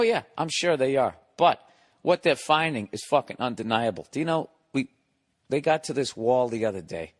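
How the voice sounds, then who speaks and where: A comedian hosting a podcast, telling a long profane story in a casual monologue, exasperated and sarcastic. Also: male voice, lowish voice.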